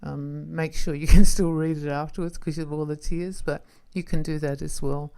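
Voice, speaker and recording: Low-voiced woman gently reassuring listeners. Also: fairly even intonation, normal speed, vocal fry, clear, resonant tone. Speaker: podcast host. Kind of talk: unscripted self-help podcast talk.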